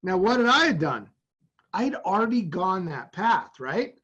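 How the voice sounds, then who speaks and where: A man from Massachusetts tells a personal story as a podcast guest, animated and vivid. His voice sits fairly high for a man and comes through a dull, lo-fi recording. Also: measured pace, breathy edge. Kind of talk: storytelling in an interview. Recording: dull lo-fi sound.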